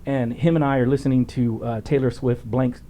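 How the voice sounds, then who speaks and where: A middle-aged man hosting a podcast interview, telling stories in a blunt, profane, animated way. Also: mid-range voice, brisk. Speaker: podcast host, former police officer. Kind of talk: casual storytelling interview.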